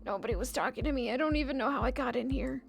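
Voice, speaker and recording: A woman's voice: sits high, very fast, gravelly, soft background music. Woman putting on a lost dead young man. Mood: confused. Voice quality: attempted Australian accent slipping toward Cockney. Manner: hesitant, self-pitying.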